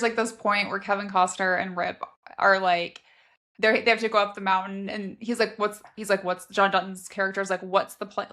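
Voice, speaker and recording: A woman's voice: mid-range voice, fairly bright tone. A woman co-hosting a book podcast, chatting casually and acting out quotes with expression. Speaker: podcast co-host.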